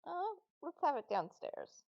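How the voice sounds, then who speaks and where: A woman playing in a tabletop game, easygoing and quick to laugh, over a call. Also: high voice, big pitch swings, creaky, a little mellow, highs cut off. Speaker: player. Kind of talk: casual tabletop game play.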